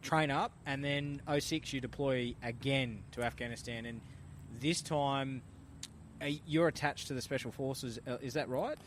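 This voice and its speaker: A man hosting a podcast, relaxed and encouraging, often giving short affirmations. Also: mid-range voice, moderate pace, slight background noise. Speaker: podcast host. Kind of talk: casual interview chat.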